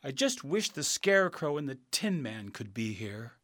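A man's voice: big pitch swings, moderate pace, a bit bright, dry recording, studio quality. A man voicing an earnest, direct young girl in a storybook reading. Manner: earnest, raised pitch.

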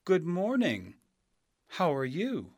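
A man's voice: fairly high pitch, big pitch swings, a little slow, a bit bright, no room sound, clean studio sound, heavily acted. A man voicing a polite young girl far from home, raising his voice to sound earnest in a storybook reading.

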